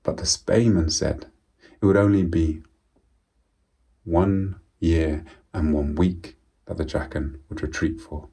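A man telling a folk tale aloud in a measured, solemn way, often dropping to a quiet voice. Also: low voice, fairly even intonation, creaky, breathy edge. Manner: slow, measured and solemn with repetitions. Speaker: storyteller. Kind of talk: oral storytelling of a folk tale.

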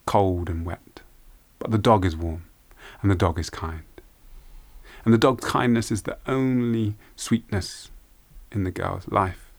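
A man telling a folk tale aloud in an unhurried, hushed way, with repeated phrases. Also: low voice, vocal fry. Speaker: storyteller. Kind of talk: oral folk-tale storytelling.

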